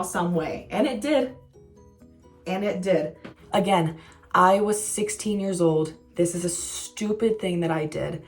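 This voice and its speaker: A woman's voice: mid-range voice, darkish tone. A young woman telling a casual storytime vlog, candid and self-mocking, swearing freely. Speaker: vlogger.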